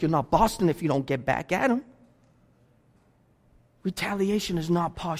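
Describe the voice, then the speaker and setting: A man's voice: a little high, a little mellow. A male pastor preaching a sermon in a church, with emphatic, repetitive exhortation. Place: church sanctuary. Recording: long church reverb.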